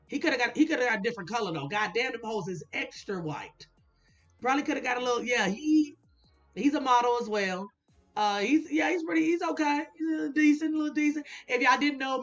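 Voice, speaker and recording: Offering casual commentary, a vlogger recaps things bluntly, swearing casually and laughing a lot in a chatty way. The voice sits at medium pitch with a fairly bright tone, captured on dull lo-fi audio over faint background music.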